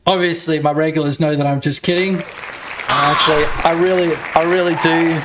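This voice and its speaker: A man in his thirties with an Australian accent, chatting loosely on a game dev stream, joking, swearing and breaking into loud shouts. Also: a little high, fairly even intonation, fairly quick, over music, a crowd in the background. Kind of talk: casual live-stream chat.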